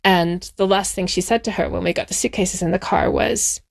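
A woman in an interview, telling a personal story from her childhood in a measured, reflective way and slowing down on the painful parts. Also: mid-range voice, fairly even intonation, vocal fry. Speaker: interview guest.

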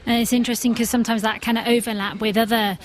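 A woman hosting a radio discussion, briskly prompting guests. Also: on the high side, little pitch movement. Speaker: radio host.

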